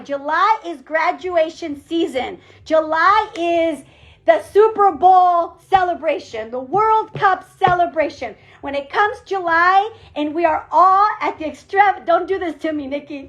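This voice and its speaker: A woman team leader giving an energetic motivational pep talk on a group call, emphatic and repeating her phrases. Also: very high-pitched, measured pace. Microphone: call audio.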